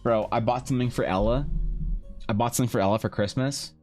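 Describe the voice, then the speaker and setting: Painting live on stream, a man from Canada swaps crude jokes with his chat in casual banter. His medium-pitched, darkish voice moves at a quick pace, with faint music behind it.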